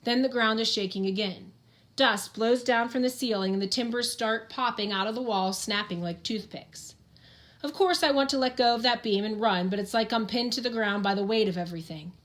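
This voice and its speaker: A woman narrates a first-person audiobook at a mid pitch for her voice. Her reading is earnest and plain-spoken, carrying the story steadily.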